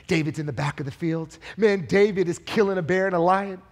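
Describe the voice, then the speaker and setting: High-voiced, fiery preaching man. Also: brisk. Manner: energetic, rising to shouts, asks the crowd questions. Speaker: pastor. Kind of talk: live sermon. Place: church.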